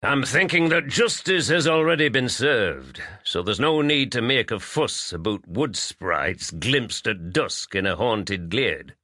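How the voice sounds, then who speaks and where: A man voicing a big, gruff middle-aged farmer who speaks bluntly and defiantly. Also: medium pitch, expressive, unhurried, hardly any pauses, bright, forceful tone, no room sound, clean studio sound, pitched above the performer's own voice.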